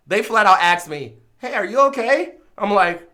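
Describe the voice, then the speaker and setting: A man streamer, from Chicago, telling a casual story with lively swings between mumbled asides and loud exclaims. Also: sits high, normal speed.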